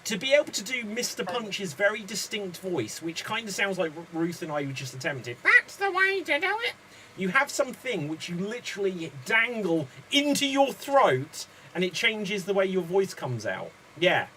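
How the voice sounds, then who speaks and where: A man's voice: high-pitched, very animated, normal speed, hardly any pauses, fairly bright tone, a little hiss or hum, rough recording. A man hosting an online improv comedy show, chatty and rambling.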